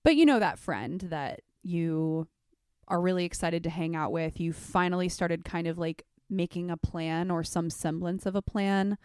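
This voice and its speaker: A woman's voice: on the low side, normal speed, smooth, dry recording, clean studio sound. A young woman hosting a solo podcast, telling stories with passion and acting out quotes in mock voices. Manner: animated, passionate storytelling. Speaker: podcast host. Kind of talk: casual solo podcast monologue.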